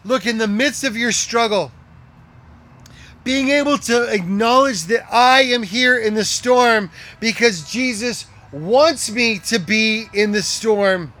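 High-voiced middle-aged man preaching. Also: takes it slowly. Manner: emphatic, repeats key lines, drops to a hush for quoted words. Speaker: pastor. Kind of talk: sermon.

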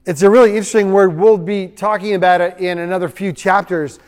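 Animated high-voiced man preaching. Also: fast, big-room sound. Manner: animated, acts out quoted voices. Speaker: pastor. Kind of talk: sermon.

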